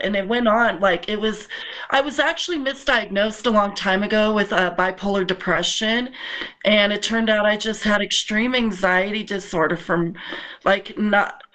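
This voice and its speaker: A woman who has children, a podcast guest talking candidly from her apartment in an earnest, halting way with many restarts. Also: mid-range voice, a bit bright, low-quality recording. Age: adult with children. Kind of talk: candid personal conversation. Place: home apartment.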